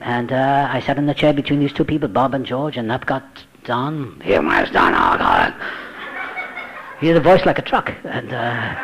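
Man, mid-pitched voice, recovery testimony, dramatic storytelling, hushed asides. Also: background noise. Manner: dramatic, acts out quoted voices, drops to hushed tones. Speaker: speaker sharing a recovery story.

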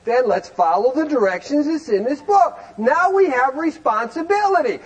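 A man's voice: very high-pitched, sing-song, normal speed, hardly any pauses, poor audio. A man teaching a recovery group in a folksy, emphatic way, peppered with rhetorical questions. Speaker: recovery meeting speaker. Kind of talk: animated teaching talk.

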